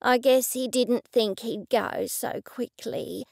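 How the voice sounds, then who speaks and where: Woman doing a slow, vague old man. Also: on the high side, gravelly, no room sound, studio quality, exaggerated voice. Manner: slow, soft, rambling. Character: elderly man in his eighties, vague and slow.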